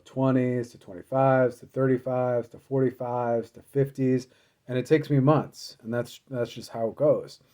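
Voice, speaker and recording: Mellow-voiced man telling a rambling story. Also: mid-range voice. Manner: rambling, lots of fillers and self-corrections. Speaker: motivational speaker. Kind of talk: casual storytelling.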